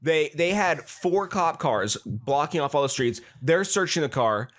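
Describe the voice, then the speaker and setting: A man's voice: on the high side, expressive, a little slow. Rambling man telling a story. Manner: rambling, with many restarts; acts out the other voices in his story. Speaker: podcast host. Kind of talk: casual storytelling chat.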